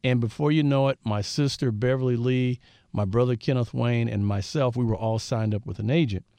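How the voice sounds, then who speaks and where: A man's voice: medium pitch, fairly quick, clean tone, no echo. A man in his fifties from Southern California, a guest telling stories in an interview and acting out what people said. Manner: animated storyteller who acts out quoted dialogue. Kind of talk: storytelling interview.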